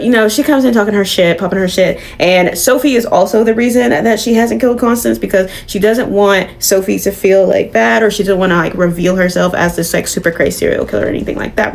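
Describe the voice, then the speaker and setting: A woman retelling a comic story in a casual, animated way. She swears freely and talks at a middling pitch. Her delivery is loose and conversational. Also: fairly quick, vocal fry. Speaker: comic book reviewer. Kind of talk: casual recap.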